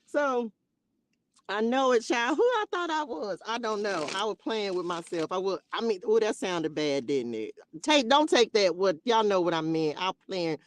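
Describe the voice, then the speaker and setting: A woman's voice: mid-range voice, big pitch swings, normal speed, no room sound. A woman hosting a spiritual live stream, chatting casually and playfully with her viewers in a loose, slangy way.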